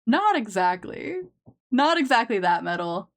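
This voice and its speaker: Slow-talking woman streamer, casual. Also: a little high, very animated. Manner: chatty, laughs often, swears casually. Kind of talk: casual chat while drawing on stream.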